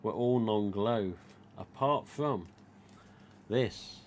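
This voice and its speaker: Speaking very slowly in a low voice, an East Midlands mask collector hosts a casual live stream, with slight background noise. He chats and rambles through his subject, recounting what people said.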